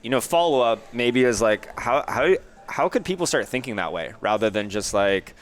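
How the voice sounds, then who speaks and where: A man's voice: medium pitch, lively intonation, normal speed. A man hosting a podcast, asking long, searching questions in a casual, chatty way. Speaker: podcast host. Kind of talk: casual interview chat.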